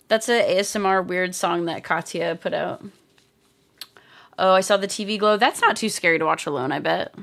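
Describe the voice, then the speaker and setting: A woman's voice: fairly low pitch, normal speed, creaky, a bit bright. A woman live streaming while crafting, chatting casually and reading viewer comments aloud. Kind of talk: casual livestream chat.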